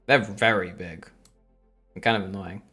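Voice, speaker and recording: Casual male streamer with a lowish voice. Loose reaction commentary with faint music underneath. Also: steady tone, moderate pace, sharp tone. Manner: rambling, chatty asides to viewers.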